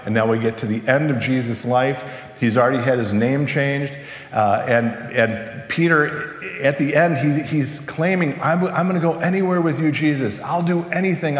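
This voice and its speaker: Male pastor, casual sermon delivery, echoey church hall with long reverb. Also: mid-range voice. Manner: conversational, asks the congregation questions. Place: church sanctuary.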